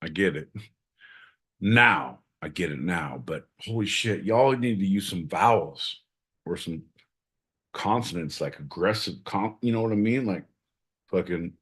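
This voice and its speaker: Husky, profane man joking around. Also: lively intonation, a little slow. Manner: profane, jokey, loud swings in pitch. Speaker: podcast co-host. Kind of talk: casual live-show banter.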